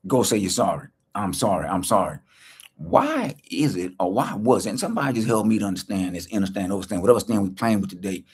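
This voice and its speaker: A man's voice: on the low side, darkish tone, slightly rough. A man speaking as a life coach in a motivational livestream, preaching to viewers, repeating key lines and asking rhetorical questions. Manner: speaks straight to viewers, greeting them by name.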